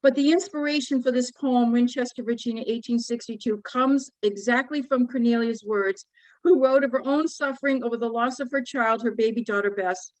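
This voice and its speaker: Earnest higher-voiced woman poet. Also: dry recording, poor audio. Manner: earnest, measured, emotionally moved. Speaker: poet and author. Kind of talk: book talk with poetry reading.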